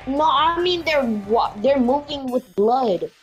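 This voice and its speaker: A woman's voice: high-pitched, animated, takes it slowly, highs cut off, faint music behind. Young woman gaming, blunt exclamations. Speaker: gamer. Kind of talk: casual gaming chat.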